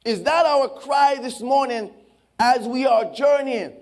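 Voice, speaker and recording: A man preaching a sermon as pastor in a church, slow and impassioned, with dramatic pauses. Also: very high-pitched, a little mellow. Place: church sanctuary.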